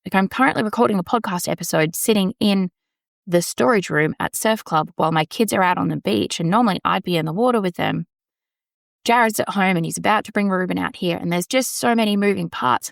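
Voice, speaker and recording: Medium in pitch and a little fast, with some vocal fry, a woman hosts her solo podcast from a small storage room. The audio is studio quality without echo, and her casual monologue is candid, rambling, and sprinkled with casual swearing.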